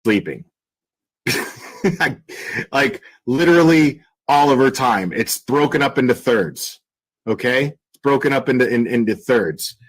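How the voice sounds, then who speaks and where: A man's voice: mid-range voice, animated, a little slow, poor audio. A man hosting a casual livestream commentary, talking bluntly and crudely with lots of fillers and restarts. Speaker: commentary channel host.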